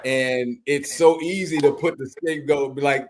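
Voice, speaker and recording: A man's voice: medium pitch, fairly even intonation, moderate pace, noisy background. A man co-hosting a movie podcast, talking casually in rambling, filler-heavy sentences. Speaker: podcast co-host. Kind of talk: casual movie review chat.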